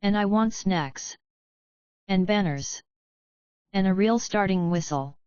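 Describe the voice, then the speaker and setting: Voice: mid-range voice, slow pace, darkish tone, smooth, no room sound, dull audio, close to an everyday voice. A woman voicing a hyper, party-loving female pony who rattles off lists.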